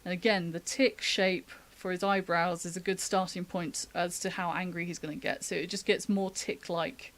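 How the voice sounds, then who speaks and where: A woman's voice: fairly low pitch, fairly even intonation, normal speed, hardly any pauses, a bit bright. Woman, chatty drawing tutorial, thinks aloud, laughs a lot, from the UK. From United Kingdom. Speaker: artist giving a drawing demo. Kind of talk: casual live-stream drawing tutorial.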